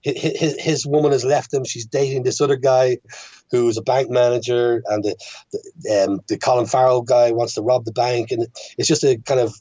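An Irish man chats casually as a podcast guest, stumbling through restarts and fillers as he gathers his thoughts. His voice sits at a middling pitch. The recording is dry and a little muffled, with a lo-fi dullness. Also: flat delivery, moderate pace, mellow, no echo. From Ireland. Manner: hesitant, many restarts and fillers. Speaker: guest filmmaker.

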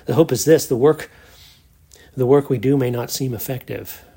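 A man's voice: medium pitch, moderate pace, creaky, dark tone, husky. A man preaching a sermon in an earnest manner, repeating phrases for emphasis.

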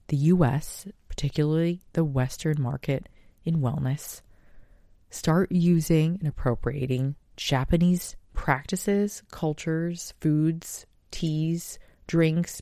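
A woman's voice: deep voice, creaky, warm tone, no echo, clean studio sound. A woman hosting a podcast, speaking in an earnest, emphatic monologue and swearing now and then for emphasis. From United States. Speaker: podcast host. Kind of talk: impassioned monologue.

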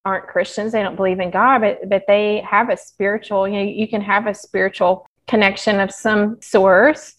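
A woman's voice: mid-range voice, moderate pace, few pauses. A woman guest talking openly and animatedly in a casual interview about her health journey, laughing as she tells stories. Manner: open, animated storytelling with laughs. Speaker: podcast guest, health practitioner.

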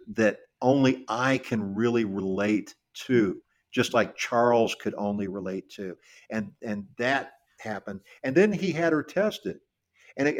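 This middle-aged man has a medium-pitched voice and co-hosts a podcast. He tells a history story casually and haltingly, often restarting and repeating words.

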